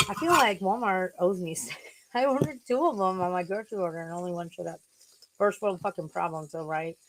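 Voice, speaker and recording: A woman's voice: on the low side, fairly quick, low-quality recording. A woman in her forties or fifties chatting casually on a livestream, swearing freely and laughing at herself. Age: 40s or 50s. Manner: chatty, swears a lot, scolds her cats fondly. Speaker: streamer.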